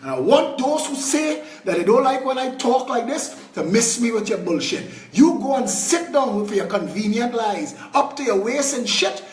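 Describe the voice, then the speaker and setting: A man's voice: very high-pitched, sing-song, normal speed, few pauses, roomy sound, distant mic. A Trinidadian man giving a fiery political speech, blunt and angry, throwing crude insults. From Trinidad and Tobago.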